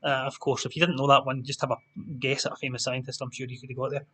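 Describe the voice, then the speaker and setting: Bright-voiced Scottish quiz host. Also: male voice, mid-range voice, little pitch movement, quick pace, breathy edge. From Scotland. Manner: chatty, jokey asides to players. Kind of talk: livestream quiz hosting.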